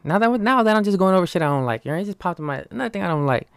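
A young man delivering a swearing, animated comic rant, often checking in with "right?". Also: high voice, racing, vocal fry, smooth, no echo, studio quality.

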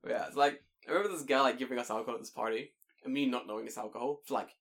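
A young British man in casual podcast chat, telling lively stories with frequent laughter and casual swearing. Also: medium pitch, racing. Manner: animated storytelling, laughs often, swears casually.

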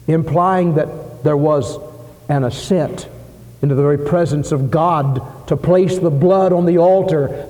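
A male pastor preaching with an emphatic, rousing delivery that stacks repeated phrases. His voice sits a little high yet sounds mellow and relaxed. The church hall gives it a long, ringing reverb. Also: measured pace. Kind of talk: sermon.

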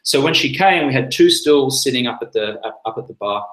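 A man's voice: mid-range voice, lively intonation, fairly quick, fairly bright tone, roomy sound, rough recording. A man hosting a live chat, telling a personal story in a rambling, casual way with many fillers and restarts. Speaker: livestream host.

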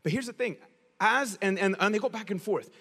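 High-voiced, bright male preacher. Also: brisk, breathy edge, long reverb tail. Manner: casual, slangy, animated storytelling. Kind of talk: sermon.

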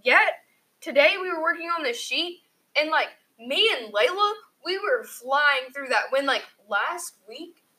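A teenage girl co-hosting a casual group podcast, talking fast and loose with lots of "like" as she tells stories. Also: sits high, poor audio. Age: teens. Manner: animated, heavy use of "like", breathless storytelling. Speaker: podcast co-host, high school student.

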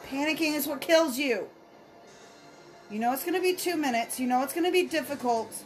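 A woman hosting a podcast, giving casual, chatty reactions as she watches a movie, urging the screen on and coaxing the characters to stay calm. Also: sits high, fairly quick, soft background music, poor audio.

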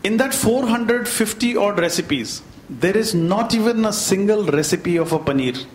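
A man with an Indian English accent shares stories as a chef on a panel, his voice sitting high for a man. He talks chattily and drops in Hindi phrases. The sound is echoey, with a faint hum beneath it. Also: expressive, normal speed. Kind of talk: anecdotal storytelling.

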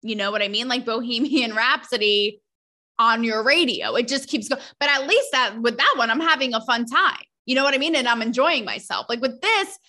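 Bright-voiced, blunt young woman podcaster. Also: a little high. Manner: blunt, sarcastic, animated, quick asides. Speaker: podcast host. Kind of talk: casual opinionated monologue.

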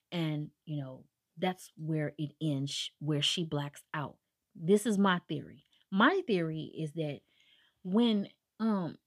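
A woman casually retelling a book's plot to her viewers, animated and chatty, slipping into the characters' lines as she goes. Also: lowish voice, no echo, clean studio sound. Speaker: book recap vlogger. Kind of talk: casual storytelling recap.

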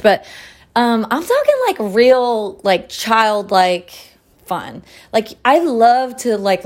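Profane, chatty woman in her late twenties. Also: mid-range voice. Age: late 20s. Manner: loose, profane and chatty, with frequent fillers; relaxed, sipping tea and smoking between thoughts. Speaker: podcast host. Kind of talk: casual solo chat.

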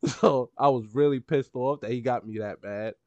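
A male podcast co-host in casual banter, emphatic and worked up as he tells a story. His voice sits in a middle pitch and sounds dry and close, with little room around it. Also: normal speed, a little mellow, no room sound, muffled recording. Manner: heated, emphatic storytelling with swearing and laughter.

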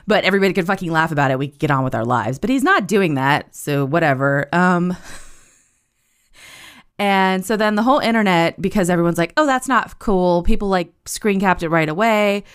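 A woman hosting a casual monologue, telling a story in an animated, profane way and laughing as she goes. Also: on the low side, fairly quick, clean tone.

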